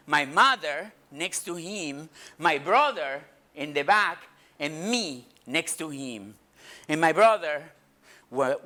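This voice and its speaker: A woman telling a personal story as a storyteller, playful and animated, laughing often. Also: deep voice. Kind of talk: live storytelling performance.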